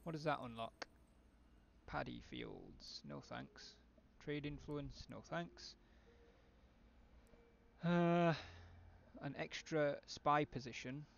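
A man's voice: on the high side, slow pace, gravelly, pauses often, slight background noise. A man thinking aloud with wry asides as he streams a strategy game live.

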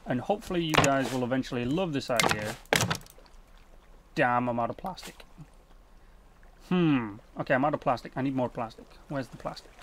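A man's voice: mid-range voice, expressive, moderate pace, long pauses, background noise. A young man hosting a gaming channel, chatting casually and swearing freely at the viewers and in-game creatures. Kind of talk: casual let's-play commentary.

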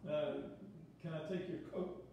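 A man's voice: on the high side, steady tone, a little slow, lo-fi sound, a little hiss or hum, natural voice. A man playing an awkward, dry-witted successful composer in a play reading, hesitating with fillers. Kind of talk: reader's theater play reading. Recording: echoey room, far from the mic.

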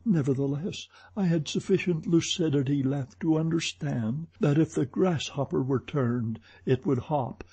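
A man narrating an audiobook in a slow, measured reading. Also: mid-range voice, dark tone, slightly rough. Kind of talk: scripted narration.

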